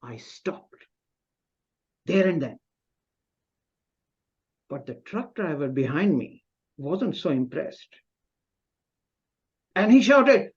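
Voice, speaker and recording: A man giving a humorous, self-mocking personal story speech at a club meeting over a video call, pausing and restarting often. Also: a little high, big pitch swings, breathy edge, highs cut off. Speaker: club speaker.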